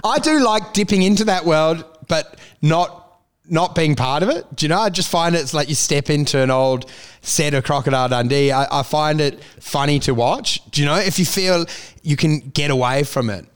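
A man co-hosting a podcast, telling animated stories, swearing freely and often asking "do you know?". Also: a little high, moderate pace, smooth. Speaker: podcast co-host. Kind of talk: casual chat.

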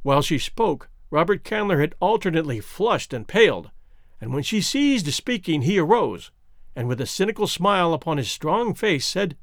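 A man reading an audiobook's narration in an expressive, even way, in a dry close recording. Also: a little high, normal speed, no echo.

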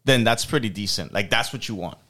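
A man co-hosting a casual sports chat, trading quick playful banter and citing stats. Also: lowish voice, bright, forceful tone. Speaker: podcast co-host.

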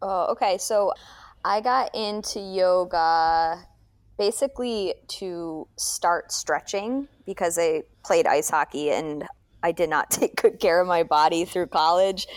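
A woman in her thirties, a yoga teacher and nurse, chatting as a podcast guest in a relaxed, candid and slightly wry way. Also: lowish voice, no room sound. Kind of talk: casual interview chat.

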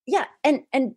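A woman's voice: sits high, a little mellow, slightly rough. A woman on a panel in casual chat, with wry, sarcastic asides.

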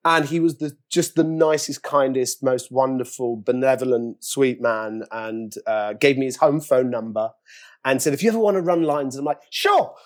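A middle-aged man with an English accent, an actor telling anecdotes in a casual interview, acting out quoted voices with big jumps in pitch. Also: normal speed, a little mellow.

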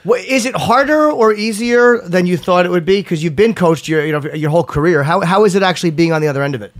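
A man's voice: sits high, fast talker. A man hosting a casual chat and interviewing a caller with direct questions. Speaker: host.

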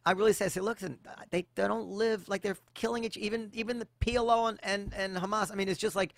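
A man with a slightly raised voice fires off his points at a rapid clip, tripping over restarts as he argues. It is casual, comic banter between friends. The recording is dry and close. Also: high voice, steady tone, vocal fry, a bit bright, dry recording. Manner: rapid, argumentative, stumbling restarts. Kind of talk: casual comedic chat.

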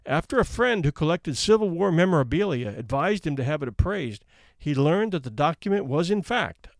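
A man's voice: on the high side, dry recording, clean studio sound. A man reading out anecdotes in a wry, conversational storytelling manner. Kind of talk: casual read-aloud narration.

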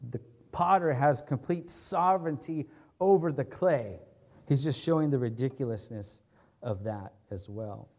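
Mellow-voiced man preaching conversationally. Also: mid-range voice, a little slow. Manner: conversational, often checks in with "right?"; earnest, explains and restates points. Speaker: pastor. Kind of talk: expository sermon.

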